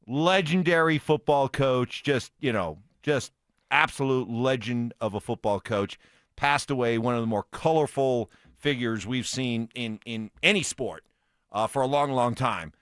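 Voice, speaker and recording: A man's voice: mid-range voice, measured pace, fairly bright tone, smooth, no echo. A man with a mid-range voice hosts a sports radio morning show, opening and steering the conversation. The sound is close and dry, straight from the studio mic. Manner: moderating, setting up segments. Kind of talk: casual radio talk.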